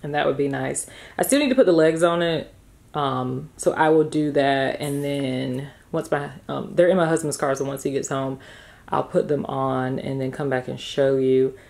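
A woman's voice: extremely low pitch, normal speed, vocal fry, darkish tone. A young woman chatting casually through a home vlog, rambling with fillers as she shows her living room. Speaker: vlogger, mother.

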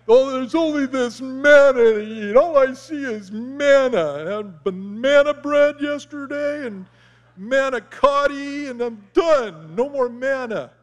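A man putting on a petulant griping wanderer who whines about the same food every day. The voice sits high and sounds overplayed. A long reverb trails it through a big room. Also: slow, highs cut off. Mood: whining. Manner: whiny, exaggerated complaining. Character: grumbling ancient wanderers complaining about food, male adults.

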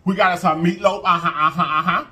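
Over soft background music, a man with a high, brisk voice hosts an eating show as a food vlogger. He talks to viewers, calling them y'all and baby, and hums with animated mm-hmms as he savors each taste.

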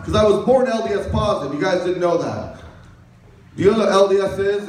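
A male stand-up comic with a high voice who rambles through crude jokes and often laughs at them himself. His set rings through a very echoey room. He sounds well back from the microphone. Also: darkish tone, slight background noise. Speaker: stand-up comedian. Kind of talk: stand-up routine. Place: comedy stage. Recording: echoey room, mic far off.

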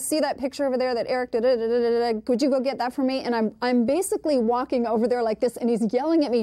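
A woman with a higher, soft-toned voice tells a family anecdote with animation. She acts out what each person said. The sound is dry and close. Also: racing, hardly any pauses, no room sound. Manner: acts out quotes, laughs while telling. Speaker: interviewee in documentary. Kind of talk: animated storytelling.

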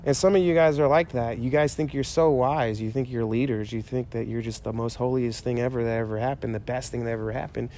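Mellow-voiced man preaching casually. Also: mid-range voice, fairly even intonation, a little fast, hardly any pauses. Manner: conversational, emphatic and repetitive. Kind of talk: informal sermon.

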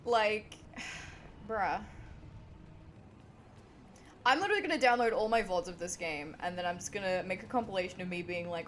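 A woman streaming a game, chatting to her audience in excitable, foul-mouthed commentary. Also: fairly low pitch, moderate pace, pauses often, slight background noise. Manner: excitable, swears a lot, talks to the chat. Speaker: gaming streamer. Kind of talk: let's-play commentary.

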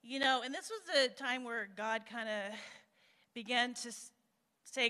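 A woman from the USA delivers her testimony as a guest speaker at a live-streamed church service, her voice fairly high, bright and forceful, with fairly even intonation and a measured pace. She is open and emotional, using frequent fillers, and the church hall recording echoes.

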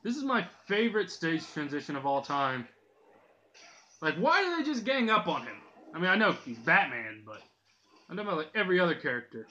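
A man's voice: a little high, big pitch swings, brisk, sharp tone. A young man from Dublin giving casual, joking gameplay commentary, swearing and laughing often. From Dublin, Ireland. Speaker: gaming channel host. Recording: dull lo-fi mic with faint noise.

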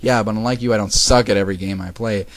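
A man voicing a cocky, sword-wielding anime gamer girl who shouts her attack names. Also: fairly low pitch, steady tone, quick pace, natural voice.

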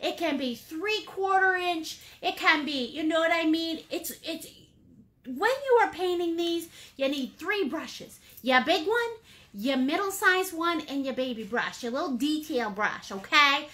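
A woman's voice: high voice, lively intonation, measured pace, a bit bright. A woman leading a live painting class, bubbly and playful, greeting viewers with pet names. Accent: Maine. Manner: bubbly, playful, chatty with endearments. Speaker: painting instructor.

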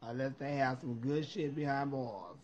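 A man hosting a casual chat, swearing freely, excitable and loud when reacting to gossip. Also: mid-range voice, normal speed, lo-fi sound. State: high, burping. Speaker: host.

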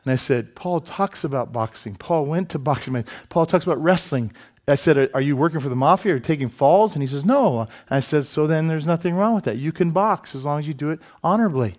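A male pastor preaching a sermon, telling stories with lively asides and self-deprecating humor. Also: on the high side, brisk. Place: church sanctuary.

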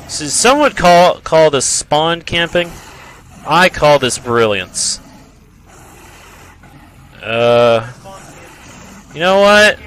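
A man rambles through his own gameplay in an unhurried, playful way, taunting enemies and echoing his own phrases back in stretched-out tones. His voice is bright and forward, with a clean, smooth sound. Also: mid-range voice, animated. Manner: rambling, playful, trash-talking, repeats phrases in a drawn-out voice. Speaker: gameplay commentator. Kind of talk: casual let's-play commentary.

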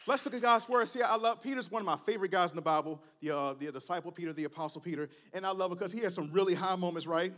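A man, preaching a sermon and telling his own story in an animated way. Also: high-pitched, rapid-fire, few pauses. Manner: animated, storytelling, rising to shouts at climaxes. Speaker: guest preacher. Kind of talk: sermon with personal testimony.

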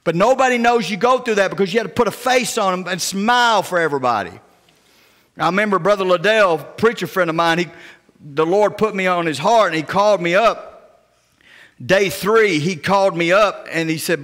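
A male pastor preaching a sermon, telling personal stories in a folksy, down-home way and often dropping to a hushed voice. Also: mid-range voice, brisk. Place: church sanctuary. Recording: church sanctuary with long reverb.

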